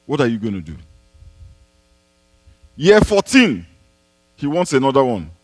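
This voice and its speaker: A male pastor preaches his answers with emphasis, returning to key phrases and firing off rhetorical questions. His pitch rises and falls freely, and the sound is close and dry, with no room around it. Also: sing-song, very fast, darkish tone, no echo. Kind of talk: sermon-style Q&A answer. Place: church.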